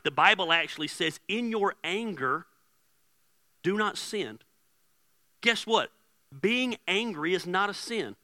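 A man preaching a casual, joking sermon as pastor, swinging from hushed asides to loud bursts. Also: sits high, no echo.

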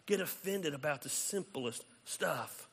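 A man preaching a sermon as pastor, conversational and animated, acting out quoted exchanges. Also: a little high, a little slow, creaky, slightly rough, long reverb tail.

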